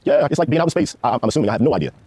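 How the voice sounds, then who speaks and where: A man's voice: medium pitch, very animated, a little mellow, husky, no room sound. A man, a former Ranger telling war stories in a casual, profane interview. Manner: rapid, profane, laid-back war storytelling. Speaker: guest, former Army Ranger.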